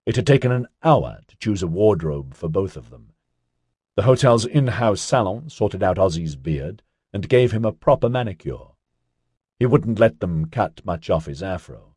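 A man narrating an audiobook in a steady storytelling manner. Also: lowish voice, moderate pace, slightly rough, no echo, studio quality. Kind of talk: scripted narration.

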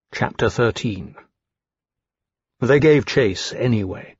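A man reading a fantasy novel aloud as narrator, in a measured, steady storytelling way. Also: mid-range voice, dry recording. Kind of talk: audiobook narration. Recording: dull dry studio sound.

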